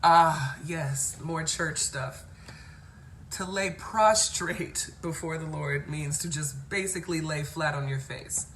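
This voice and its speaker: A woman from Cincinnati hosting a chatty live stream, playful and quick to laugh as she greets viewers by name. Her voice sits on the low side. Faint noise hums behind her. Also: fairly bright tone. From Cincinnati, Ohio. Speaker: host. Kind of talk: casual live-stream chat reading viewer comments.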